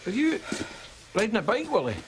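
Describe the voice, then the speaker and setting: An actor playing an excitable, chirpy old male pensioner on a sitcom soundtrack. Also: high-pitched, brisk, exaggerated voice. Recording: sitcom soundtrack with background noise.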